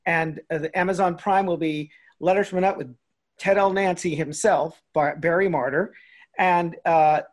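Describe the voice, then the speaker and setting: An older man, a guest actor, chatting casually in an interview and telling animated stories. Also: on the high side, normal speed. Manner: animated storyteller, acts out quoted lines with laughs.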